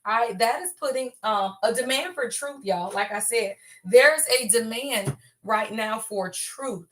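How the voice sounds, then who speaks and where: A woman's voice: fairly high pitch, unhurried, fairly bright tone. A woman hosting a casual spiritual livestream. She talks emphatically, keeps tossing in "y'all" and "right?", and curses bluntly now and then. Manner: blunt and salty, with casual cursing. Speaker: spiritual reader and livestream host.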